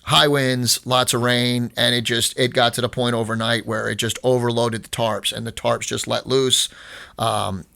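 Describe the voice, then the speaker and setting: Gravelly man rambling through a story. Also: medium pitch, flat delivery, normal speed, bright, forceful tone, no room sound. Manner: rambling, many restarts and fillers, retells exchanges with quoted dialogue. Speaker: skatepark owner, podcast guest. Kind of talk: casual storytelling chat.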